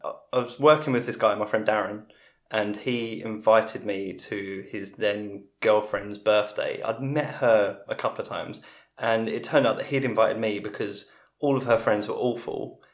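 A man's voice: fairly low pitch, fairly even intonation, unhurried. Rambling man in his forties. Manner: rambling, self-interrupting storyteller. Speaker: guest. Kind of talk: casual storytelling in a podcast interview. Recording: roomy podcast recording.

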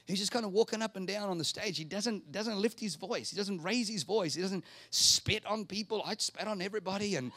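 Preaching in a high, bright, forceful voice, this pastor speaks briskly with few pauses and no echo. He repeats himself for emphasis, poses rhetorical questions, and urges the congregation to answer back out loud.

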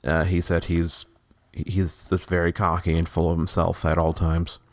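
A man hosting a podcast in easy, relaxed chat, telling stories and moving the conversation along. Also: low-pitched, normal speed. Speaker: podcast host. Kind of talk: casual chat.

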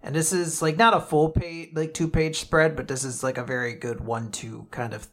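A podcast co-host chatting casually about manga, animated and sweary, acting out the characters' lines. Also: medium pitch, moderate pace, slight background noise.

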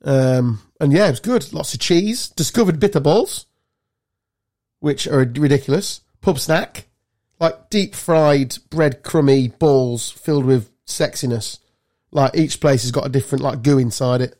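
A man from England co-hosting a podcast, telling animated, sweary travel stories in casual chat. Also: medium pitch, measured pace. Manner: swearing storyteller, animated anecdotes. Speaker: podcast co-host.

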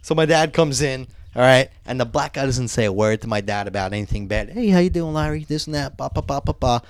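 A man telling a story in casual talk, animated and swearing often, acting out other people's voices. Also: medium pitch, fairly quick, no echo.

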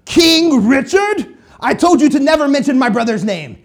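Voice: high voice, moderate pace, pitched above the performer's own voice. A preacher mocking a petty, greedy cartoon lion prince who plays at being king, with a whiny, gleeful edge. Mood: indignant. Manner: gleeful, whiny, shouting with excitement. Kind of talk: mocking impression within a sermon.

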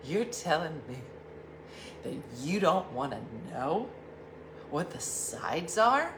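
A woman voicing an indignant, persistent woman who stammers and grumbles in a lower, hushed voice. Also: a little slow, a little hiss or hum. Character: indignant, persistent woman fussing over dinner.

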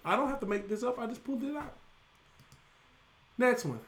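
A middle-aged pastor preaches a little fast in a voice that sits high for a man. His sermon is lively and loose, and he throws call-and-response questions back at the congregation.

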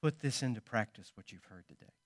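A man preaching a sermon, telling stories and swinging between loud emphasis and quiet asides. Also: fairly low pitch, lively intonation, a little fast, no echo, clean studio sound. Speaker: pastor.

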